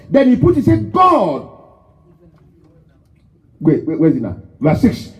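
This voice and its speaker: High-pitched, animated preacher man. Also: moderate pace, pauses often. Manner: emphatic, rising to shouts and repetition. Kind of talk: sermon. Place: church hall. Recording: dull, lo-fi church recording.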